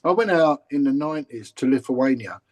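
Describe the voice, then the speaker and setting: A man's voice: mid-range voice, lively intonation, a little fast, low-quality recording. A man with a London accent, a former police officer telling stories in a casual, blunt interview way. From England. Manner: chatty, repeats words and restarts, blunt.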